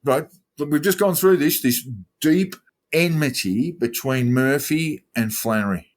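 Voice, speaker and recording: A man's voice: a little high, measured pace. A man co-hosting a true crime podcast, laying out the case in an emphatic, dismissive way. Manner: emphatic, dismissive of the official story. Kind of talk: true crime storytelling chat.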